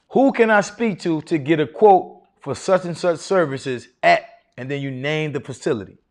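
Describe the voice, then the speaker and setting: A man teaching a live seminar to an audience in a room, casual and confident, often asking the crowd rhetorical questions. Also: fairly high pitch. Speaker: seminar speaker teaching contracting.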